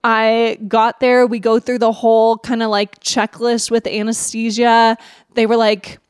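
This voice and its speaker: A woman with a fairly high voice tells her story to a podcast host in an animated way and laughs often. The sound is dry and close to the mic. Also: unhurried, clean tone, dry recording. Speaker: podcast guest. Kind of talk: casual podcast chat.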